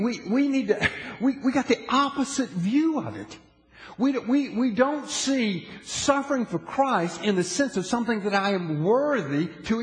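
Man, pastor, high voice, animated sermon, restarts phrases, long hall reverb. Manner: animated, asks the audience "okay?" often.

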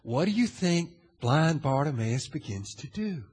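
A male pastor preaching a sermon in a dramatic way, asking the audience questions and swinging from hushed to loud. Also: on the high side, big pitch swings, measured pace, breathy edge. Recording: long hall reverb.

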